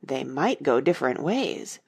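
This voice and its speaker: A woman's voice: mid-range voice, very animated, unhurried, slightly rough, voice pushed up, heavily acted. A woman voicing a polite but argumentative young girl in a storybook reading, talking eagerly. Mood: earnest.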